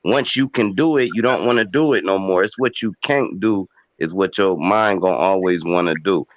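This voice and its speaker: A man's voice: deep voice, moderate pace, lo-fi sound. A man in casual podcast chat, making emphatic arguments backed by examples.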